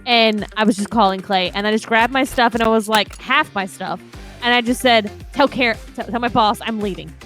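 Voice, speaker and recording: A woman co-hosting a livestream, telling a story in a lively, swearing, laughing way. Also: on the high side, a little fast, faint music behind. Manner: animated, swears freely, laughs through the story. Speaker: livestream co-host. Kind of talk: casual storytelling chat.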